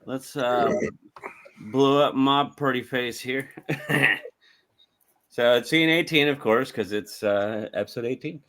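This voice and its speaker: Dude cohosting a movie podcast, cracks jokes, laughs a lot, drops f-bombs, mid pitched. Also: male voice, slow, long pauses, pushed and bright. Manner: jokey, laughs often, swears casually. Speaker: podcast co-host. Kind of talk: casual movie podcast chat.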